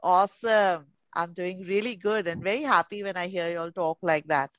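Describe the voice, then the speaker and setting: A woman's voice: on the low side, moderate pace, dry recording. A woman with an Indian English accent teaching pre-school children over a video call, coaxing and affectionate, calling them darling. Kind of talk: online class with young children. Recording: muffled video call audio.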